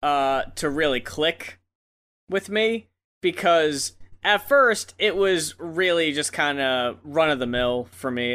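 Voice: medium pitch, slow, a bit bright, clear, resonant tone. A podcast co-host in casual chat, playful and wordy, with mock-formal asides.

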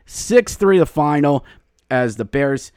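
A male podcast host recapping a hockey game, slipping into excited play-by-play calls and shouting at the goals. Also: on the high side, takes it slowly, clean tone, no echo, clean studio sound.

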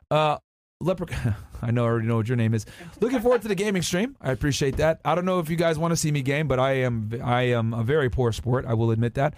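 A man's voice: mid-range voice, a little mellow, dry recording, studio quality. A man hosting a podcast, chatting casually in slangy, laid-back talk. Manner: slangy, laid-back, calls listeners "bro". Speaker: podcast host.

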